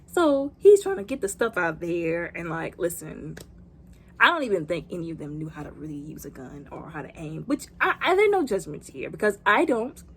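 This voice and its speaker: A woman's voice: fairly low pitch, big pitch swings, moderate pace, fairly bright tone. A woman giving a comedic movie recap, dramatic and sassy, with playful asides. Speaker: movie reviewer.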